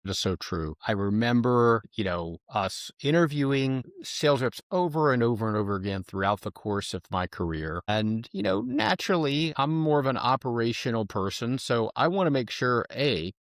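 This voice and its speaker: A male podcast host with a mid-range voice, chatting warmly with his guest. He restarts and repeats words as he goes, keeping an encouraging tone. The recording is dry and close. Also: medium pitch, expressive, moderate pace, hardly any pauses, no echo. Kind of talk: casual podcast conversation.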